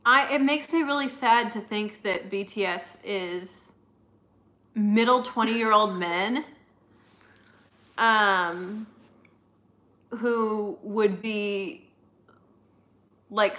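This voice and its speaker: A woman's voice: mid-range voice, slow pace, pauses often, sharp tone. A young woman co-hosting a live stream, chatting casually with viewers in a rambling way full of fillers.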